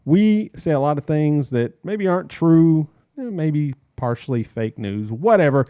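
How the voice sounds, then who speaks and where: Mellow-voiced man hosting a podcast. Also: a little high, lively intonation, unhurried, clear, resonant tone, no room sound. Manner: jokey, upbeat emcee patter. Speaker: podcast host. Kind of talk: casual podcast chat.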